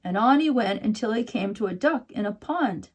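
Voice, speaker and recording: A woman teaching a children's watercolor painting lesson and telling a story in a gentle, soothing way. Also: medium pitch, expressive, moderate pace, husky. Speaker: art teacher.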